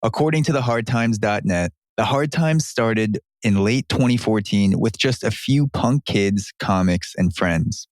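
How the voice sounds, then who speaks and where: A man hosting a podcast, reading a measured intro and then chatting with guests. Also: fairly low pitch, no room sound, clean studio sound. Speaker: podcast host. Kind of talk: scripted podcast intro and casual interview.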